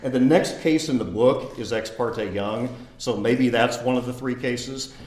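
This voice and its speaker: Lawyer telling a story in a roomy hall. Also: male voice, medium pitch, measured pace. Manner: conversational, animated when mimicking the professor. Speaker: lawyer giving a talk. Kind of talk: lecture with storytelling. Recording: roomy echo.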